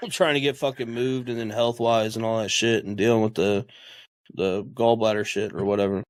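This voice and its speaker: A man's voice: lowish voice, normal speed, no echo. A man co-hosting a podcast in a laid-back, slangy way, swearing heavily. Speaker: podcast co-host. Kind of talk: casual chat.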